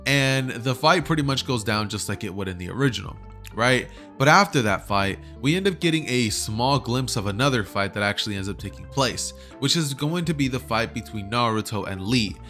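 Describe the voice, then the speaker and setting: Man, casual storyteller, rambling, mid pitch, faint music behind. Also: expressive, fairly quick, bright, forceful tone. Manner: rambling, fillers like right and pretty much. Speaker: YouTube storyteller. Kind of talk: casual fan-fiction retelling.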